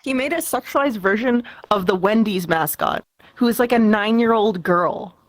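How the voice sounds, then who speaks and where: A young woman, a guest in an interview, speaking in a matter-of-fact, halting way with fillers. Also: medium pitch, no room sound, rough recording. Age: young adult. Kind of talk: casual interview chat.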